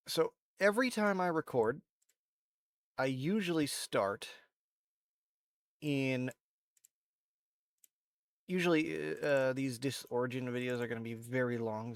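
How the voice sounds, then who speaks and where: A man's voice: mid-range voice, measured pace, pauses often. Stuffy-nosed man with a nasal voice. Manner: rambling, relaxed, self-correcting. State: stuffy with allergies, sniffling and coughing. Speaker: video creator. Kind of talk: casual screen-recorded tutorial. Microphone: desk microphone.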